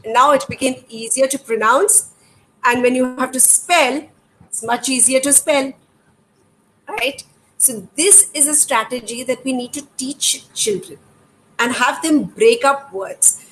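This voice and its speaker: High-voiced Indian woman teaching parents. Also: a little slow, fairly bright tone, low-quality recording. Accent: Indian English. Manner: patient, demonstrative, asks rhetorical questions. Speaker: educator. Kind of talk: explanatory talk to parents. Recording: faint background noise.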